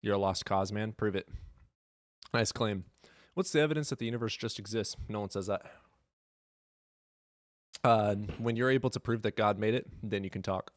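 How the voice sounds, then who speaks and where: A man's voice: on the low side, moderate pace, pauses often, no room sound. A man hosting a live stream, chatting casually with his chat in a blunt, sarcastic and profane way.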